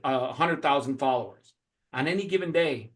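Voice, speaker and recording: A man's voice: mid-range voice, moderate pace. A man hosting an interview and giving fervent motivational talk, swearing freely and acting out scenes. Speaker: host.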